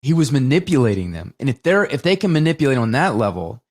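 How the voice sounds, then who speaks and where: A man co-hosting a podcast, talking casually about a film and retelling its scenes in an animated, profane way. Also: medium pitch, quick pace. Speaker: podcast co-host.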